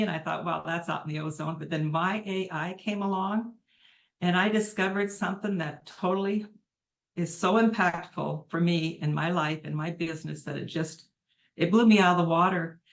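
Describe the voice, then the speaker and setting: A middle-aged woman giving an earnest, emotional testimonial on a video call, speaking from the heart. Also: on the low side.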